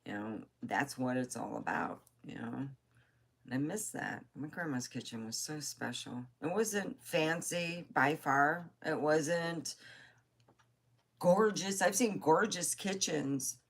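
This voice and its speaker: A woman's voice: low-pitched, takes it slowly, creaky, breathy edge. A woman telling rambling family stories in a casual vlog, laughing often and swearing now and then. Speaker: vlogger. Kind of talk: casual storytelling.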